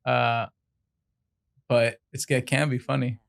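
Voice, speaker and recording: A man co-hosting a podcast, telling an animated story in casual chat, acting out quotes and laughing often. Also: mid-range voice, slow pace, creaky, clean tone.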